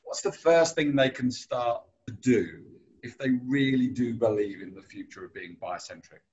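A man's voice: medium pitch, animated, normal speed, a little mellow, lo-fi sound. A man hosting a podcast interview, chatty and anecdotal, who laughs easily. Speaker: podcast host.

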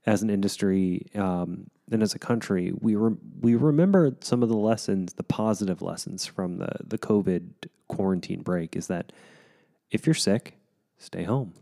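A man in his thirties chats as a podcast co-host, relaxed and earnest. His voice is very deep and gravelly, with a dark, mellow tone. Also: moderate pace. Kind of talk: casual chat.

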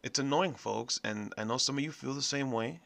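A man hosting a podcast, delivering a profane, blunt, animated rant in a casual monologue. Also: medium pitch, a little fast, vocal fry. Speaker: podcast host.

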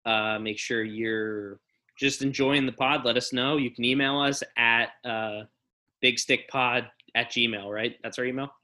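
A man's voice: medium pitch, fairly even intonation, unhurried, bright, forceful tone. A young man hosting a casual podcast, ranting in a blunt, profane way. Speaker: podcast host.

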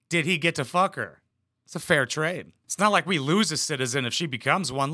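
A man's voice: medium pitch, animated, brisk, sharp tone, no echo, studio quality. A young man making crude, sarcastic jokes as he comments on a reality show clip. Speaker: reaction commentator.

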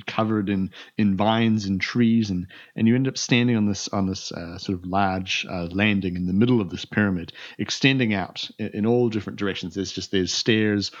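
A man narrating as game master of a tabletop game, halting with many restarts. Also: fairly low pitch. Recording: muffled lo-fi recording.

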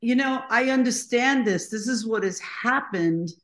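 A woman guest in an interview, telling stories in an animated, emphatic way. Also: fairly high pitch, measured pace. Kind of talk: conversational storytelling. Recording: echoey room.

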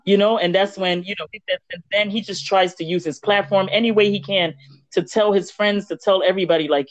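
Animated woman retelling a story. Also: medium pitch, fairly quick, no echo. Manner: animated storyteller acting out quoted dialogue. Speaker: podcast co-host. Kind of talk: casual faith chat. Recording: dull lo-fi dry recording.

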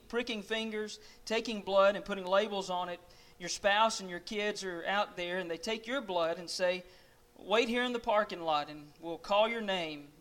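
A man's voice: high voice, fairly bright tone. A man preaching, telling a dramatic story in the second person to his listeners. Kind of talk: sermon storytelling.

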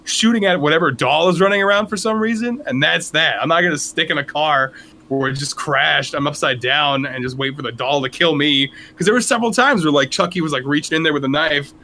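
A man's voice: fairly high pitch, brisk, bright, forceful tone, a little hiss or hum. A man co-hosting a casual movie review chat, rambling loosely, laughing, and dropping into quoted voices. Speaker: podcast co-host.

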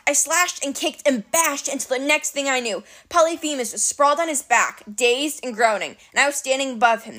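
A woman narrating an adventure story in an expressive, dramatic reading. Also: sits high. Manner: animated, dramatic. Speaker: audiobook narrator.

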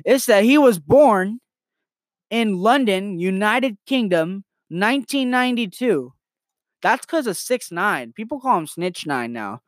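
A man's voice: high-pitched, lively intonation, unhurried, no room sound, studio quality. Crude rambling teenage guy. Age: late teens. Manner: crude, rambling joke-telling. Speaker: podcast host. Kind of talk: casual comedy podcast. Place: his bedroom.

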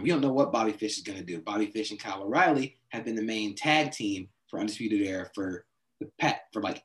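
A man co-hosting a casual wrestling podcast, giving his loose, relaxed take on the storylines. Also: lowish voice, rough recording. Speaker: podcast co-host.

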